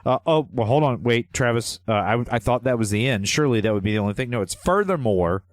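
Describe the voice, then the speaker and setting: A man's voice: mid-range voice, lively intonation, fast, dry recording, studio quality. A man co-hosting a comedic podcast, talking in an exaggerated, put-on Southern US accent, playful and mock-serious. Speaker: podcast co-host.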